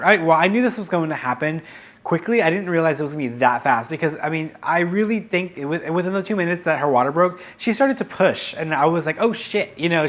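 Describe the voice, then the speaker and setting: A man's voice: a little high, a bit bright. A man telling a personal story in a casual, frank way, with frequent fillers and self-corrections. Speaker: vlogger, psychic medium.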